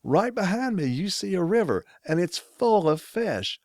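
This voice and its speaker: A man imitating a bushman video host with a very high-pitched, exaggerated way of talking. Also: lively intonation, brisk, no echo, studio quality. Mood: cheery.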